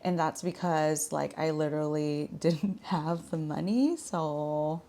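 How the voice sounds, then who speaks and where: A woman in her thirties talks to camera in a casual, frank vlog style, her speech loose and full of filler words. Her voice sits a little low for a woman. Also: slow pace, warm tone. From Washington state. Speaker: vlogger. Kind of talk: casual chat.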